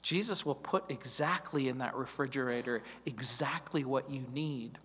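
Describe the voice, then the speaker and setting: A man's voice: medium pitch, normal speed, a bit bright, husky, long reverb tail. A male pastor preaching a verse-by-verse sermon, emphatic, stacking repeated phrases and rhetorical questions.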